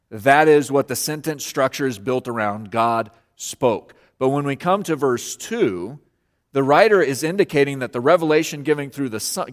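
Emphatic pastor preaching in a reverberant hall. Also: male voice, a little high. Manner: earnest, emphatic, repeats key phrases. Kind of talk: sermon.

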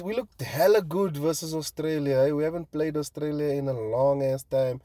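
A man's voice: mid-range voice, no room sound. A man rambling on his own show, swearing and trailing off into fillers. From South Africa. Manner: profane, excitable, trails off with fillers. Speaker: comedian and podcast host. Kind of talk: casual rambling monologue.

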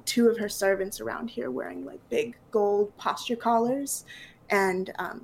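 A woman's voice: medium pitch, creaky, slight background noise. A woman narrating as game master in a loose, casual way with many fillers.

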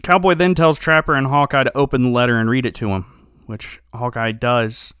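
A man's voice: mid-range voice, fairly quick, clean tone, dry recording, clean studio sound. A man in casual chat, animatedly recapping a TV episode and acting out quotes. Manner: animated storyteller, acts out quotes, laughs often. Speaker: podcast co-host.

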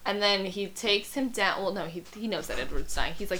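A woman's voice: medium pitch, brisk, a bit bright, a little hiss or hum. A young woman co-hosting a casual podcast, recapping a plot with laughter and acted-out quotes. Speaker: podcast co-host. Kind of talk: casual chat, recapping a story.

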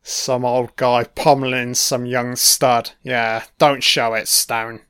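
A man's voice: mid-range voice, flat delivery, slow, fairly bright tone, clear, resonant tone. A man hosting a casual audio commentary over a film, with laid-back, profane running remarks.

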